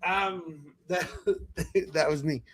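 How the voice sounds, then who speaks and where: A man with a notably high speaking voice holds forth as a podcast host, ranting with plenty of swearing. He breaks into laughter at his own stories as he goes. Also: slow pace, slight background noise. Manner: animated, profane ranting with laughing asides. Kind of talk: casual chat.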